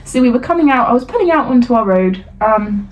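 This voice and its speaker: Young British woman, podcast co-host, high voice that swings all over while she rants and laughs. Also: fast, lo-fi sound. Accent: British English. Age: young adult. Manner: animated ranting with swearing and laughter. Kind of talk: casual chat.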